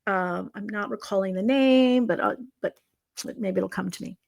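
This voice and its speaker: Middle-aged woman chatting on a video call, lively storyteller, acts out who said what, keeps restarting sentences, medium-pitched voice. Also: moderate pace, gravelly. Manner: animated, acts out quoted dialogue, frequent restarts. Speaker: psychic guest. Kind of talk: casual storytelling. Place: video conversation.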